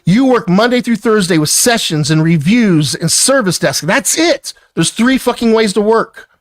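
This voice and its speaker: A man's voice: high-pitched, animated, normal speed, no echo. An angry man lecturing an employee in a heated work argument, swearing constantly. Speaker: business owner confronting an employee.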